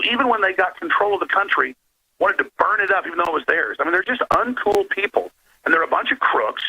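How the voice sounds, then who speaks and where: A man's voice: high-pitched, sharp tone. A man calling in to a talk radio show, speaking in a rambling, emphatic way over a phone line. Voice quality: gravelly.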